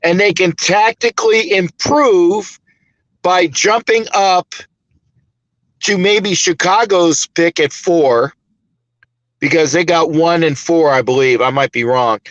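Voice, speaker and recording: A man with a high, bright voice rambles through casual sports chat, emphatic and a little profane. The sound is close and dry, with no room around it. It comes through dull lo-fi call audio. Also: slow, no echo. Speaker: podcast host.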